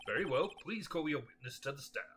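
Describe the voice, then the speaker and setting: A man's voice: fairly high pitch, animated, fairly quick, background noise, voice pushed up, lightly acted. A man voicing a fussy older male judge, speaking formally in a raised voice.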